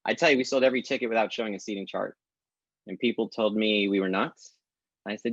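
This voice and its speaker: A man with a low, gravelly voice talks as a podcast guest, animated and quick to act out bits of dialogue. The recording is dry and a little dull, with a lo-fi edge. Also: no room sound. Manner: animated storyteller acting out quoted dialogue. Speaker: guest, tech company founder. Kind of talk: casual podcast conversation.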